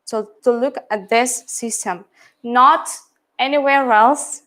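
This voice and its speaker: A woman's voice: fairly high pitch, slow pace, a bit bright. A middle-aged woman, an English teacher, explaining how she teaches pronunciation and often checking in with "yeah?" and "right?".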